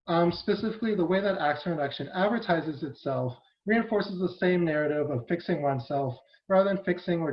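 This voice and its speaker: A man giving an academic conference presentation, earnest, often checking in with rhetorical questions. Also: fairly high pitch. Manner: earnest, with frequent rhetorical "right?" tags. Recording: muffled lo-fi online audio.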